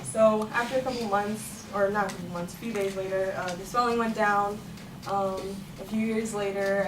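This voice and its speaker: A young woman telling a funny personal story in a chatty way, laughing as she goes. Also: medium pitch. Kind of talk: personal story told to a room. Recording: echoey room, far from the mic, noisy.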